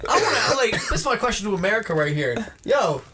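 A man on a casual podcast, telling an angry, profane story in an animated way. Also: high voice, fast, heavy background noise.

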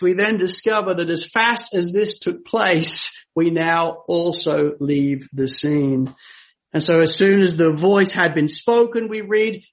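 A man delivers a sermon with a notably high voice. His storytelling is dramatic. Hushed passages give way to ringing, emphatic declarations. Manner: dramatic, swings from hushed to emphatic when quoting scripture. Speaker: preacher.

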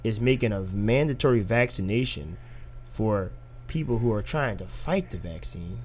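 Argumentative young man, low voice. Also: normal speed, slight background noise. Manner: animated, argumentative, rhetorical questions. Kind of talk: casual chat.

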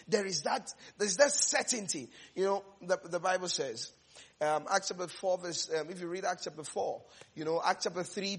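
A middle-aged man preaching a sermon in an animated way, often repeating words and laughing between phrases. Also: sits high, husky.

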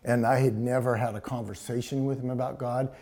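Soft-toned male preacher, mellow voice. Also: mid-range voice, little pitch movement, brisk. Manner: personal storytelling, dropping to a hushed, emotional tone. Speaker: pastor. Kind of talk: sermon.

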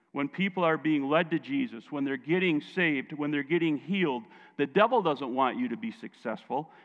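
Male pastor, gravelly voice, casual joking sermon, dull sound in a reverberant hall. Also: mid-range voice.

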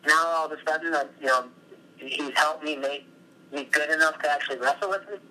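A middle-aged former wrestler and coach, talking from his office, telling long, animated stories as an interview guest. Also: on the high side, fast, poor audio. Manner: rambling, animated storytelling.

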